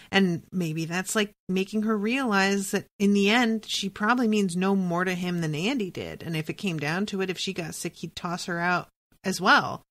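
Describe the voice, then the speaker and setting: A woman's voice: on the low side, fairly bright tone. A woman hosting a podcast, recapping a TV episode in casual, profane chat and thinking aloud with lots of "like"s.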